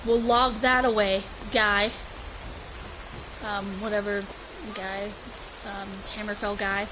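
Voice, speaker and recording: A woman's voice: mid-range voice, level tone, slow, noisy background. An American woman in her late twenties, co-hosting a casual gaming chat with sarcastic, joking banter. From United States. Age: late 20s. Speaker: co-host.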